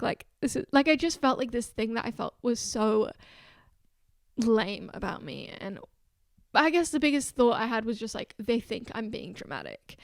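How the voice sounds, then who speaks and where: Rambling young woman with a gravelly voice. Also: a little high, no room sound, clean studio sound. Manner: rambling, fills with "like" constantly; earnest, emotionally open. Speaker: vlogger. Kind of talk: casual confessional talk to camera.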